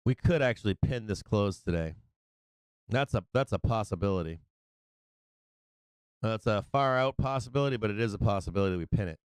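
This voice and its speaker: A man hosting a live stock market stream, giving brash, excitable trader banter as prices move. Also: lowish voice, a little fast, pauses often, smooth, dry recording. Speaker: stock market livestream host.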